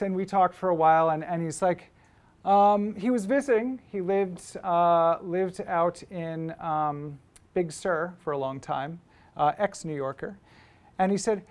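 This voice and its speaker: A man's voice: on the high side, measured pace. Man telling stories at a lecture. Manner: conversational storytelling with frequent fillers and restarts. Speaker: photographer and book publisher giving a talk. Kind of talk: anecdotal lecture to students. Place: school lecture room.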